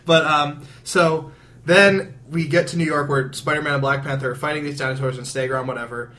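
Bright-voiced man rambling through a recap. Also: a little high, fairly even intonation, fairly quick. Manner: rambling, laughs often, many restarts. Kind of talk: casual comic-book recap.

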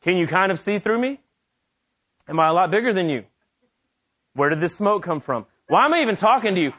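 A preacher voicing a proud, laid-back archangel. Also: male voice, fairly high pitch, brisk, a bit bright, voice pushed down, close to an everyday voice. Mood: indignant. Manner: laid-back, joking bravado. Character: showy male archangel, casual and proud.

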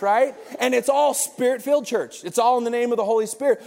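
A man preaching a sermon as comic storytelling, animated and breaking into shouted bursts. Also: very high voice, quick pace, vocal fry, few pauses. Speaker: pastor. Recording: long hall reverb.

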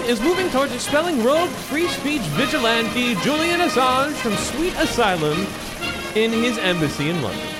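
Guy doing a booming overdramatic news anchor, pitched way up above his normal voice. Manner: booming, dramatic announcer delivery. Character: overblown male TV news anchor.

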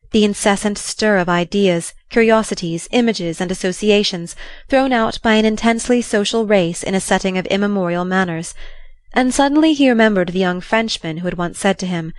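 A woman narrates a classic novel as an audiobook reader, telling the story in a measured, even way. Her voice is mid-range and the sound has no echo.

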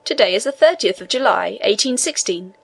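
A woman voicing a male government inspector who speaks in a measured, official manner in a storybook reading. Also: medium pitch, expressive, vocal fry, breathy edge. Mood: composed.

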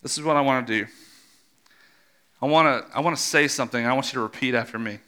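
Fervent bright-voiced preacher. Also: male voice, mid-range voice, fast, clean tone. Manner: fervent, rising to loud exhortation. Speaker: pastor. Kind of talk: sermon.

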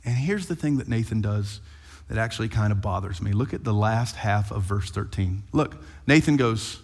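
A male pastor preaching a sermon in a lively, conversational storytelling manner, addressing his congregation directly. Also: fairly low pitch, moderate pace, creaky, husky. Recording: long hall reverb.

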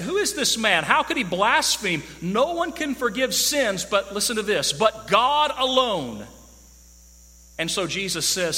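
Bright high-voiced man preaching a sermon. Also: long reverb tail. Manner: emphatic, rhetorical questions, quoting scripture.

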